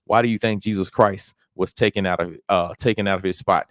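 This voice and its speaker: A man preaching a casual bible study, explaining scripture in slangy everyday talk and reading verses aloud slowly. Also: sits low, steady tone, fairly bright tone, dry recording, clean studio sound.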